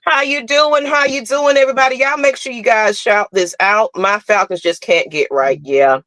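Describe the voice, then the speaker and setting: Bright, chatty woman hosting a fan show. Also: on the high side, moderate pace, no echo. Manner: lively, chatty, reads viewer comments aloud. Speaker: podcast host. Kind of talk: casual sports talk livestream.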